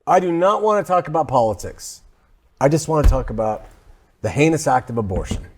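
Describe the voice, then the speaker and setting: Brief: fiery Southern preacher, a host's put-on voice, emphatic, pitched high. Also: male voice, expressive, a little fast, a little mellow, slight background noise. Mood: preachy. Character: fiery Southern preacher man condemning sin.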